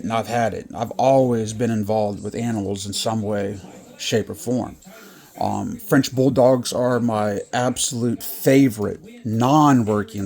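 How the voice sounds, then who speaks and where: A man's voice: fairly low pitch, gravelly, darkish tone. A man who breeds French Bulldogs, talking in a rambling, casual vlog with many restarts.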